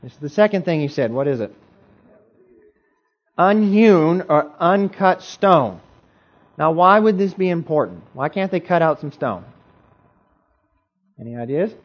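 A man preaching to a congregation in a slightly high voice, playful and animated as he keeps asking the room questions. The recording is dull and lo-fi. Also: unhurried, long pauses. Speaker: pastor. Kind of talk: interactive sermon. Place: church.

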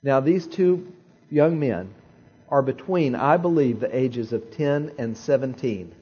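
A man preaching a sermon, telling a story in an animated way with dramatic pauses and repeated phrases. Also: mid-range voice, breathy edge, muffled recording. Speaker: pastor.

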